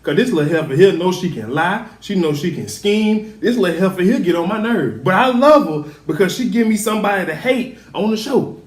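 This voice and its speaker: A man casually recapping a TV episode, chatty and animated as he acts out the characters' lines. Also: sits high, brisk. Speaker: show recap host. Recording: echoey room.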